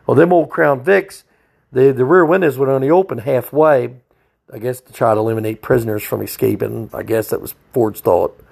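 Gravelly trooper telling a story. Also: male voice, mid-range voice, moderate pace, darkish tone. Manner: blunt, profane, folksy. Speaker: state trooper. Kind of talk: casual storytelling.

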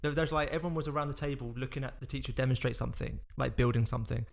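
A man's voice: medium pitch, fairly even intonation, rapid-fire, creaky. A young man telling a rambling school story, restarting often and acting out the quotes. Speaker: podcast co-host. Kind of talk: casual anecdote.

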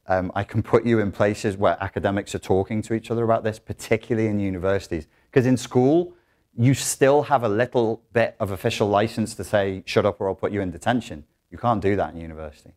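A man giving a live talk in a lecture room, animated, acting out quotes in other voices. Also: on the low side. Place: lecture room in an academic institution.

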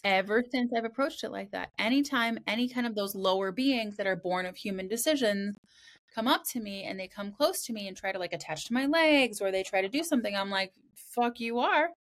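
Casual podcast host, woman in her thirties, mid pitch, blunt and profane storyteller. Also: fairly quick. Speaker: podcast host and spiritual practitioner.

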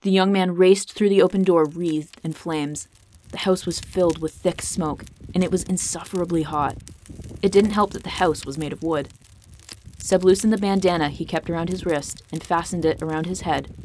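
A woman reading a fantasy story aloud as the narrator, in a steady, measured way. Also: lowish voice, a little hiss or hum.

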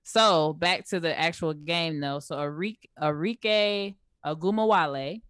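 A young woman with a low, smooth voice co-hosts a casual sports talk show. She laughs often and runs through stats in easy, slangy talk. The sound is dry and close. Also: unhurried, fairly bright tone, no room sound. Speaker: co-host.

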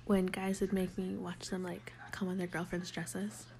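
A woman's voice: lowish voice, moderate pace, gravelly. Crude, candid young woman podcaster. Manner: candid, crude, animated storyteller. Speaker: podcast co-host. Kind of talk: casual podcast chat.

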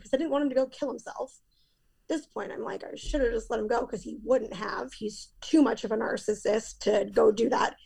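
A woman's voice: fairly high pitch, normal speed, creaky, darkish tone, husky. A woman in her thirties, a podcast guest, telling a painful personal story in a candid, emphatic way.

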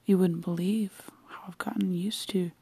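A dry, bantering official husband who counts out every word, as a woman reads him. The voice is dark and gravelly with a flat, even delivery. The sound is close and dry. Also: fairly low pitch, moderate pace, dry recording. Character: cold, formal middle-aged husband, a government official.

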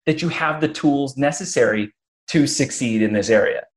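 A man hosting a casual interview who tells stories with energy. He slips into other people's voices as he retells what they said, with quick restarts and plenty of "you know.". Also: mid-range voice. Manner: animated storyteller, acts out quotes. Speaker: podcast host.

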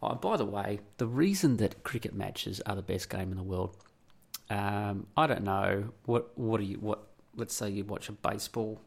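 A man's voice: lowish voice, moderate pace, vocal fry, breathy edge. An Australian man hosting a podcast in a rambling, blunt monologue, swearing freely. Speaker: podcast host. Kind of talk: casual opinionated monologue.

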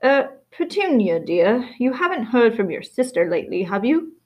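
A woman's voice: a little high, sing-song, normal speed, lo-fi sound. A woman reading as a nervous stuffy husband. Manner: hesitant, awkwardly casual. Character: stuffy nervous middle-aged suburban husband. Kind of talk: audiobook reading.

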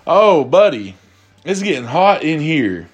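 A man hosting a casual, comedic talk, reading out viewer submissions and reacting with loud, profane amusement. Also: fairly high pitch, slow, breathy edge, dull audio. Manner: animated, laughing, profane, cracks up. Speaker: host.

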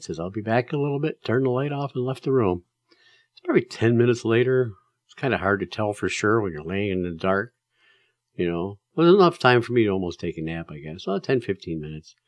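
A man's voice: medium pitch, animated, fairly quick, no room sound, dull audio. A man giving casual, emphatic advice to drivers, telling stories in a plain-spoken way with plenty of fillers.

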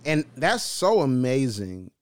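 A man's voice: mid-range voice, big pitch swings, slow pace. A man hosting an interview in a casual, slangy, playful way, joking with his guest. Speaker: interviewer host.

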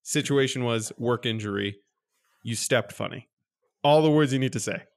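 A man co-hosting a podcast, telling a story in casual chat and jumping up in pitch when he acts out his exasperation. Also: moderate pace. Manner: animated storyteller, jumps high when mimicking exasperation. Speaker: podcast co-host.

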